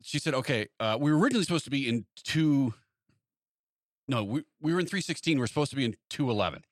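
Man, casual storyteller, talks fast, dry close mic. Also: mid-range voice, dry recording. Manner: animated anecdote-telling, acts out quoted exchanges. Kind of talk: casual chat.

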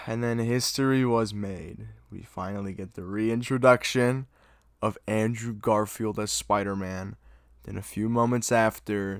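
A young man gushing about a movie in an excited, casual recap, full of "dude" and "oh my God". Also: lowish voice, normal speed, vocal fry, no room sound, studio quality. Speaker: movie fan reviewer.

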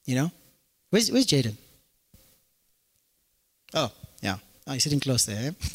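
A man's voice: medium pitch, measured pace, pauses often, slightly rough. A man preaching a sermon as pastor, joking and acting out little dialogues. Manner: animated, joking, acts out dialogues. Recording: echoey hall.

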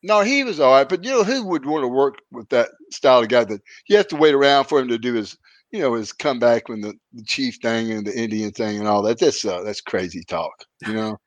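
A man's voice: mid-range voice, fairly quick, dry recording. Easygoing guy spinning road stories, dry close mic, mid voice. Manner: laid-back, animated when quoting others. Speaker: podcast host, retired wrestler. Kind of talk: casual storytelling.

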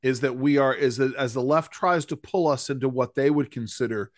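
A man's voice: mid-range voice, a little fast, no room sound, studio quality. A man co-hosting a political podcast, talking emphatically and driving the conversation. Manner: emphatic, rising to anger. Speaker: podcast co-host.

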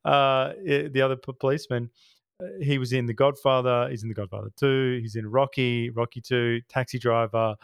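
A man's voice: mid-range voice, fairly even intonation, a little fast, creaky, clean tone, dry recording, clean studio sound. A man hosting a podcast, chatting casually about a film in a rambling, enthusiastic way with many restarts. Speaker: podcast host. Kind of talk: casual film review chat.

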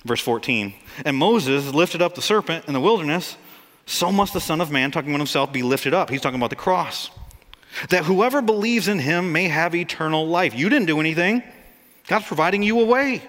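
A man preaching a sermon as pastor, animated and jokey, rising to excited peaks. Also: on the high side, a little fast. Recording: long hall reverb.

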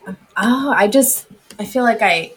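A woman as a podcast guest, chatty and quick to laugh, thinking out loud. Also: a little high. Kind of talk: casual chat.

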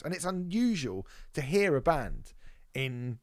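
A man co-hosting a casual music podcast, talking in animated, sweary bursts with many restarts. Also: a little high, measured pace, no room sound, studio quality. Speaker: podcast co-host. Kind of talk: casual music review chat.

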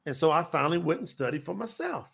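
Preacher, man in his 50s, high-pitched and lively, folksy, repeats himself for emphasis. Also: quick pace, vocal fry, breathy edge. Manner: animated, folksy, repetitive. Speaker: preacher and co-host. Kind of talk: preaching talk to an audience.

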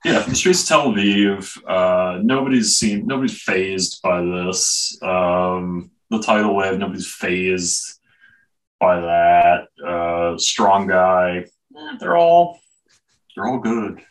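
A man co-hosting a casual comic book podcast, laid-back and halting, with many fillers. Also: low-pitched, fairly even intonation, far from the mic, poor audio. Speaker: podcast co-host. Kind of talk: casual chat reviewing comics.

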